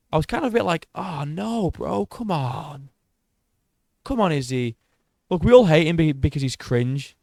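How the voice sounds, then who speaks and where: A man's voice: a little high, no room sound. A man giving casual solo commentary on a fighter's career, blunt and sweary, often restarting his sentences. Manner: blunt, swears a lot, many restarts and self-corrections. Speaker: MMA commentator.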